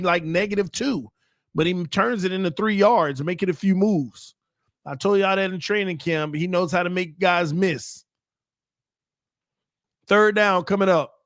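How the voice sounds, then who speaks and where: A man hosting a fan watch party, calling the plays live in an excitable, casual way and talking back to the players. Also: high-pitched, no room sound, clean studio sound. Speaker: fan show host.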